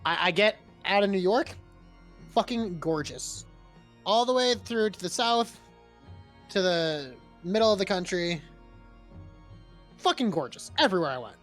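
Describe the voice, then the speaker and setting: A young man in his twenties from Massachusetts with a high voice. He tells stories in a lively, laughing way and swears casually. Faint music plays underneath the chat. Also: unhurried, pauses often. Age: 20s. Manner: animated storyteller, swears freely, laughs often. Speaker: stream co-host.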